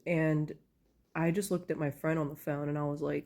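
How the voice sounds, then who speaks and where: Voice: mid-range voice, flat delivery, normal speed, darkish tone. Tired, rambling storyteller just woken up. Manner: rambling, with many fillers like "like" and "you know". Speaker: storyteller sharing a personal story. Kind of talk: casual storytime monologue. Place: at home, in pajamas.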